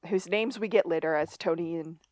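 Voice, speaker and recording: A woman's voice: on the low side, fairly quick, darkish tone, no echo. A woman co-hosting a podcast, casually recapping a TV episode with playful asides. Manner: chatty, recounting scenes with playful asides. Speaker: podcast co-host. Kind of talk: casual rewatch recap chat.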